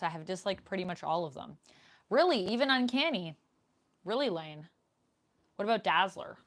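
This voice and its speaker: Young woman streaming from home, slightly low voice, chatting and reading chat comments into a desk mic. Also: fairly bright tone. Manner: chatty, reads viewer comments aloud. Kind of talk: casual live Q&A chat. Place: home room, indoors. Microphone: desk microphone.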